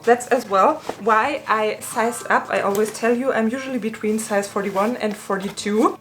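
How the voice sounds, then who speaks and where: A woman's voice: fairly high pitch, slight background noise. A woman in her thirties, a German native speaker, chatting through a shopping recap and a little out of breath. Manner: chatty and personal. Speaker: fashion vlogger.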